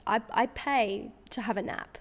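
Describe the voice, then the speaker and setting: A woman's voice: on the high side, unhurried. A woman in her twenties, co-hosting a casual podcast chat and telling stories with giggles. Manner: chatty, storytelling, giggly. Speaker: podcast co-host, fitness studio. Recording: roomy with long reverb.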